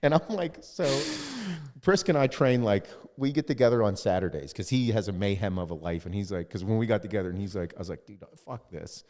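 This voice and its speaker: A man's voice: on the low side, lively intonation, fairly quick, darkish tone, big-room sound. A man hosting a podcast, telling a story in casual chat and quoting others, with lots of swearing. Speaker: podcast host.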